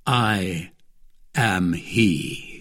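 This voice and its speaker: A grave, reserved musketeer carrying an old sorrow, voiced by a male reader. He speaks quietly and sparingly, in a husky, unhurried voice. He sounds like a somber figure from a read-aloud adventure tale. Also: medium pitch, lively intonation, full character voice.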